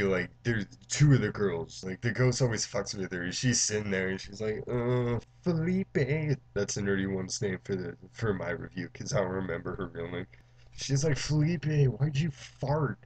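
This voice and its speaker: A man with a low, husky voice tells a movie plot in a loose, rambling way. He swears often, restarts his sentences, and fills gaps with "like". He briefly mimics characters' lines as he goes. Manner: rambling, profane, full of "like" and restarts; acts out characters' lines in quick mock voices. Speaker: movie reviewer. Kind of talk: casual spoiler-filled recap.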